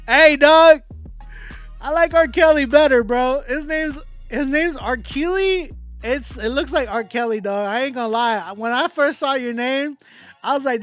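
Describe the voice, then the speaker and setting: A man hosting a casual livestream, chatting with viewers in slang and often trailing off into quiet mumbles. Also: very high voice, normal speed, faint music behind. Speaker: livestream host running a song battle.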